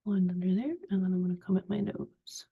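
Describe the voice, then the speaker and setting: A woman in her forties giving a chatty, relaxed step-by-step makeup tutorial. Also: fairly low pitch, brisk, vocal fry, husky, narrow, tinny audio. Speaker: makeup vlogger.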